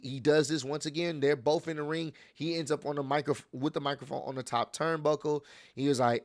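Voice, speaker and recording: A man's voice: on the high side, fairly bright tone, no room sound, studio quality. A young man hosting a casual wrestling recap, retelling events and acting out the wrestlers' lines with swearing and energy.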